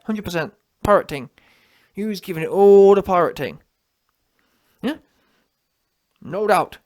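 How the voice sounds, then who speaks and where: A man's voice: high-pitched, lively intonation, a little slow, long pauses, darkish tone. A man rants straight into the camera in a taunting, mocking tone. He talks in street slang and keeps circling back with "yeah?" to hammer each point home. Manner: taunting, repetitive, slangy, with frequent "yeah?" tags. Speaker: commentary channel host. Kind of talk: mocking reaction rant.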